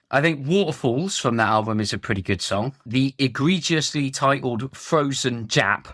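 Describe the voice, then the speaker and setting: A man's voice: medium pitch, a bit bright, no room sound. A man co-hosting a music podcast, giving a long, frank and critical monologue with dry, joking asides. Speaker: podcast co-host. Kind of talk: opinionated casual chat.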